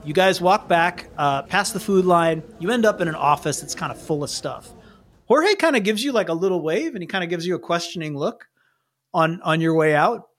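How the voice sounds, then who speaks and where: Male game master, high voice, casual rambling narration. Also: lively intonation, normal speed, fairly bright tone. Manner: casual, meandering, with fillers.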